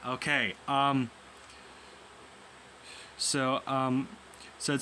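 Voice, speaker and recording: A man's voice: mid-range voice, level tone, takes it slowly, pauses often, sharp tone. A young man casually reading a comic aloud, voicing every character in his own voice and stumbling over words as he goes. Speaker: comic reader. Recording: faint background noise.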